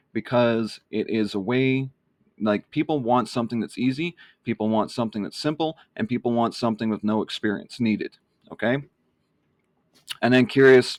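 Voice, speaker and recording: A man's voice: medium pitch, dry recording, studio quality. A man explaining his email marketing in a casual walkthrough, with many fillers and a rambling manner. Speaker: online marketing vlogger.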